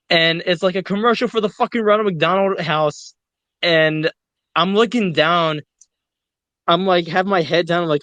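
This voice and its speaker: In a casual online voice chat, a man with a high voice tells a long story at normal speed, rambling, swearing heavily and retelling it animatedly. There is no room sound.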